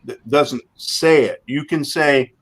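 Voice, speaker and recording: A man's voice: fairly high pitch, takes it slowly, fairly bright tone, no room sound. A man hosting a casual livestream chat on a video call, reading viewer comments aloud between bites of food. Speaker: host.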